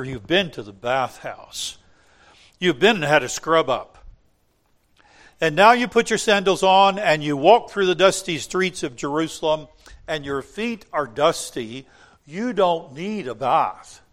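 An older man preaching a sermon in an earnest way, going from quiet, tender lines to loud, emphatic ones. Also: on the high side, animated, normal speed. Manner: earnest, swings from soft to emphatic when quoting scripture.

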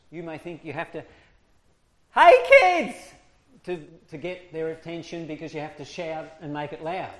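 A man teaches a small group in a loose, talky way. He acts out his points by moving his voice up and down. His voice sits slightly on the high side. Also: darkish tone. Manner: demonstrative, swings his voice high and low to make points. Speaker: speaker teaching discipline. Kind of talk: informal talk to a small group.

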